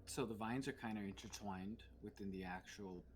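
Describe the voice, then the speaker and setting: A man narrating a tabletop game as game master, calm and matter-of-fact. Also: fairly low pitch, normal speed, a little hiss or hum.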